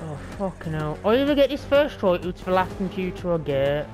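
A woman's voice: on the low side, sing-song, a little fast, soft background music. A woman with an Australian accent giving casual, profane, rambling commentary while streaming a game. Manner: profane, rambling, slangy banter.

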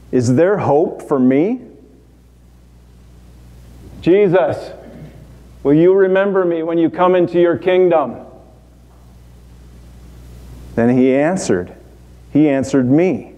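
A man's voice: fairly high pitch, dark tone, dull audio. A man playing a dying repentant thief. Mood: awed hopeful. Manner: halting, broken phrases. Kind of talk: dramatic monologue. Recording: long hall reverb.

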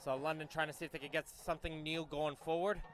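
A man giving live play-by-play commentary on a youth soccer match, brisk and correcting himself on names as play moves. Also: fairly high pitch, little pitch movement, fairly bright tone, faint music behind.

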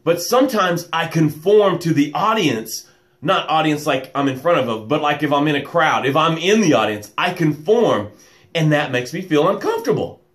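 A man hosting a live motivational stream, welcoming viewers by name and guiding slow breaths. He calls himself loud and boisterous. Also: on the high side, animated. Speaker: motivational coach and show host. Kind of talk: live-stream pep talk with guided breathing.

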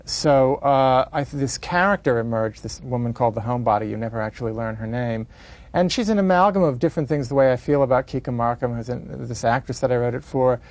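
A man, a playwright, speaking in an interview in a reflective, halting way, in long winding sentences. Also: medium pitch, darkish tone. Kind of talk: interview conversation.

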